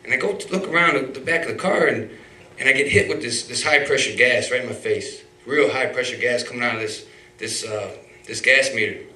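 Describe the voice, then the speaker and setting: A man's voice: mid-range voice, fairly quick, bright, forceful tone. A man telling a personal story live on stage, rambling, with restarts, fillers and swearing. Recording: roomy hall, mic far off.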